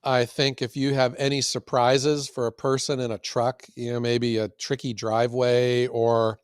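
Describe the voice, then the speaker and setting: A man co-hosting a casual podcast, telling stories in a folksy, animated way. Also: medium pitch, normal speed, smooth, dry recording, clean studio sound. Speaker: podcast co-host and firewood seller.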